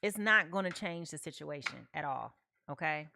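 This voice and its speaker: A woman's voice: low voice, lively intonation, normal speed, gravelly, very noisy. A woman giving a live tarot reading, chatty, often checking in with "okay?" and talking to her viewers. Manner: chatty, repeats "okay?" often, talks to chat. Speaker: tarot reader.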